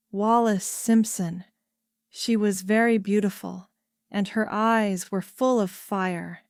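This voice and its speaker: A woman narrates a story slowly and carefully, her clear, crisp voice sitting close and dry. She reads it as a simple scripted tale for language learners, keeping an even pace. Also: mid-range voice, dry recording. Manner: careful, evenly paced reading.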